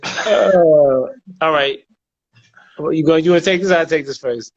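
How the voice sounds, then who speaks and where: A man's voice: a little high, measured pace. A man, an actor and co-host, talking bluntly and emphatically in casual podcast chat, often repeating himself. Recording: dull lo-fi recording.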